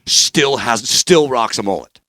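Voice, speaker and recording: A man from Northern California hosting a casual podcast interview, animated and profane, with rambling restarts. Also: mid-range voice, measured pace, dry recording. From Bay Area, Northern California. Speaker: podcast host.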